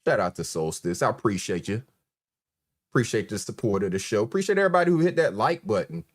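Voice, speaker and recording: A man's voice: lowish voice, expressive, quick pace. Laid-back man from North Carolina. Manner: laid-back, chuckling, shout-outs to viewers. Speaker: livestream host. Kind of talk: casual live stream chat.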